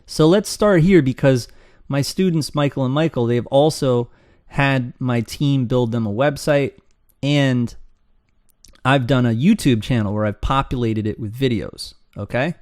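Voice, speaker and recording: A man's voice: medium pitch, unhurried, no echo, studio quality. A man teaching how to start an online business in a loose, rambling way, acting out his students' complaints. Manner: rambling, animated, acts out students' voices. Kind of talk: casual screen-share teaching.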